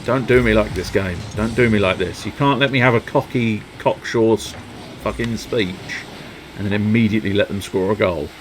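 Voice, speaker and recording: A man giving live gameplay commentary, excitable, sweary and self-mocking, with sudden yelps. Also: lowish voice, moderate pace, noisy background. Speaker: streamer.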